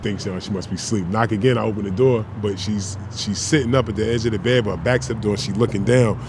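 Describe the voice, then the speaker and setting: A man's voice: fairly low pitch, fast talker, background noise. A man in his forties, a podcast guest, telling stories in a loose, slangy, profane way. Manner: animated storyteller, slangy, profane. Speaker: guest, former basketball player. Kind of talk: casual podcast chat.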